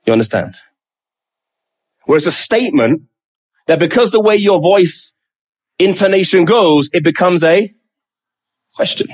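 A man's voice: sits high, expressive, unhurried, long pauses, slightly rough. A man preaching a sermon, emphatic and acting out quoted pleas with rising questions.

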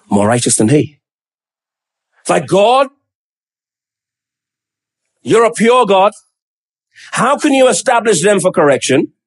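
A man preaches a sermon, acting out a prophet's pleading questions and dropping low and slow to stress key words.

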